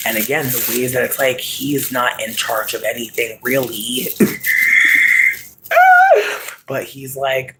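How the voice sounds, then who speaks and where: A man in a rambling, casual monologue, swearing freely and laughing, dropping to a murmur and then bursting into shouts. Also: mid-range voice, takes it slowly, long pauses, slight background noise, rough recording. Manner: profane, laughing, sudden shouts; animated, swings between murmur and yelling.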